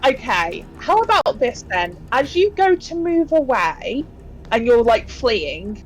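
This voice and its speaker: A woman's voice: fairly high pitch, very animated, slow pace, rough recording. Chatty woman running a horror game. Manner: chatty, giggly, rambling with fillers. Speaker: game master. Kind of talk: narrating a tabletop horror game.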